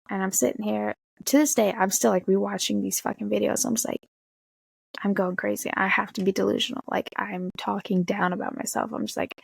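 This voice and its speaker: A young woman casually telling an excited, swear-filled story, jumping high in pitch when she quotes herself. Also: vocal fry, breathy edge, dry recording. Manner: excited, swearing, talks fast with big pitch jumps when quoting. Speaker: vlogger.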